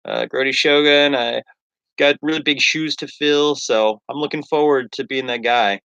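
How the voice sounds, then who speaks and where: A man's voice: mid-range voice, steady tone, normal speed, creaky, fairly bright tone, smooth, dry recording, lo-fi sound, pitched above the performer's own voice. A man voicing a cheery mustached male successor who introduces himself in an overly upbeat way. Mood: chipper.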